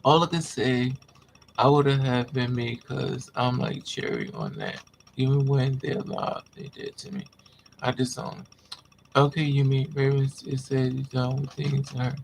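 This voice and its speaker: Gravelly man venting intensely. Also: mid-range voice, expressive, a little slow, a little hiss or hum. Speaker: vlogger. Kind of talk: emotional personal storytelling to viewers.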